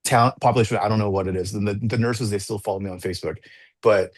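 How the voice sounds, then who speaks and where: Low-voiced man telling a story, rambling. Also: steady tone, fast talker, no room sound. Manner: rambling, full of restarts and "like", acts out quoted people. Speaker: assistant track and field coach, podcast guest. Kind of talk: casual storytelling in an interview.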